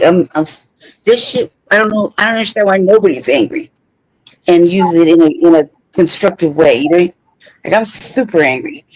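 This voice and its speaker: A man's voice: fairly high pitch, no echo, rough recording. A man co-hosting a podcast, talking in a heated, profane, rambling way with frequent restarts. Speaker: podcast co-host. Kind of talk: heated casual talk.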